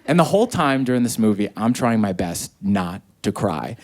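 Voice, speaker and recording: A man doing a stand-up comedy set on stage, telling stories animatedly and acting out quotes in high voices. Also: very animated, normal speed. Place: comedy stage before a live audience.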